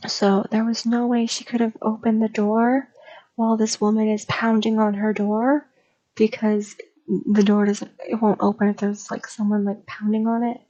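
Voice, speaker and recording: A woman's voice: on the high side, monotone, moderate pace, warm tone, lo-fi sound. A woman streamer chatting in a casual, rambling, gossipy way and spilling a story, recorded on a desk microphone. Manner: rambling, gossipy, lots of fillers.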